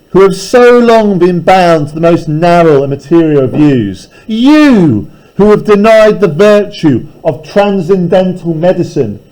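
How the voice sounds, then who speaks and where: A man voicing a proud, scornful male visitor from a storybook reading, speaking in a grand, commanding way with a lively pitch. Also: rough recording.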